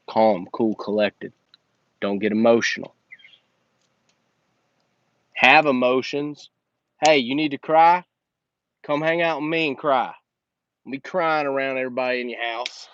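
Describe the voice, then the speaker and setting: A man's voice: medium pitch, expressive, unhurried, pauses often, fairly bright tone. A man hosting a blunt, emphatic motivational monologue, talking straight at the listener like a coach. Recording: dull lo-fi recording.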